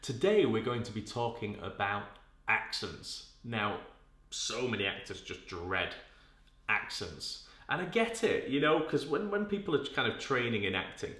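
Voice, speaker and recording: A man's voice: on the low side, expressive, measured pace, bright, forceful tone. A man hosting acting tips, giving casual advice to camera as a dialect coach in a chatty, conversational way. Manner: chatty, conversational, uses filler words. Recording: echoey room.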